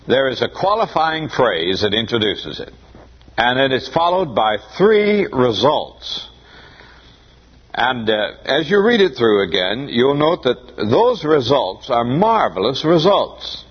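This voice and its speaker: A man's voice: medium pitch, big pitch swings, slow pace, breathy edge. A man preaching an expository sermon, reading scripture aloud and explaining it, with emphatic rises on the quoted verses. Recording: muffled dull recording.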